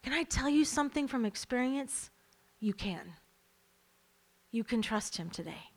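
A woman's voice: a little high, animated, measured pace. A woman preaching a sermon to a church congregation, emphatic and repeating her key lines, then leading a prayer.

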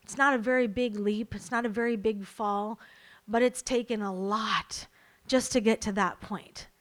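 A woman's voice: medium pitch, fairly even intonation, moderate pace. A woman preaching a sermon to a church congregation, emphatic and repeating her key lines, then leading a prayer.

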